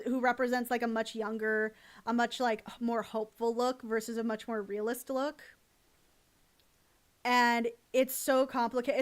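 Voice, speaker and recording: Young woman streamer, high bright voice, rambling and gushing, swears freely. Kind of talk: casual live-stream chat.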